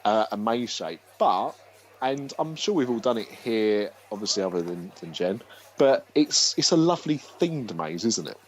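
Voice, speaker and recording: Chatty man, lively pitch. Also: moderate pace, slight background noise, poor audio. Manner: rambling, restarts, jokey. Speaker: podcast host. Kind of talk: casual chat.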